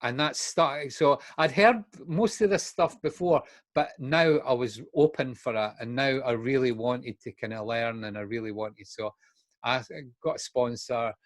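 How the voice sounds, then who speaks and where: A man's voice: mid-range voice, a little slow, no room sound. A Scottish man in his sixties tells his personal story frankly and acts out remembered conversations. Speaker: guest speaker in recovery.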